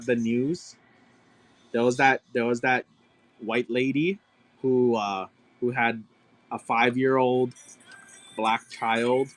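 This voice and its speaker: A man running a live-stream card auction, ranting excitedly and cursing as he argues a point with his viewers. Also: mid-range voice. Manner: profane, excitable, argumentative ranting.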